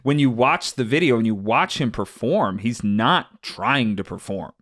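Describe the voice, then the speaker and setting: A man's voice: medium pitch, lively intonation, unhurried, a bit bright, no room sound, studio quality. A man co-hosting a casual chat, rambling and filling his talk with likes and ums. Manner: rambling, lots of fillers. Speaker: podcast co-host.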